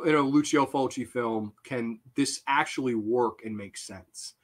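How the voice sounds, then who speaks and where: A man hosting an unscripted movie review, excitable and profane, who laughs often. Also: a little high.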